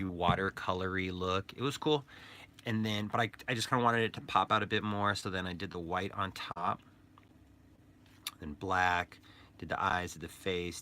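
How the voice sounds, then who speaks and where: A man's voice: deep voice, sharp tone. A man chatting casually and playfully in a vlog about painting and making toys. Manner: rambling, playful, joking aside. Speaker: toy artist and painter.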